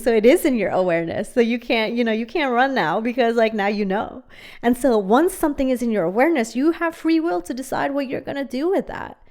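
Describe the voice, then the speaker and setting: A woman speaks earnestly on her self-help podcast, addressing the listener directly. Her pitch sits in the middle of the range. She talks in a loose, conversational way and keeps asking if the listener understands. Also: a little mellow. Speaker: podcast host and coach.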